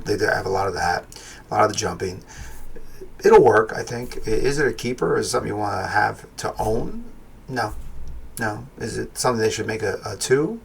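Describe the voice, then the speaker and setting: A man with a low, gravelly voice talks through a film review in a loose, rambling way. He often stops to correct himself mid-thought. A faint noise sits under the recording. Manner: rambling, self-correcting, thinks aloud. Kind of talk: casual spoken film review.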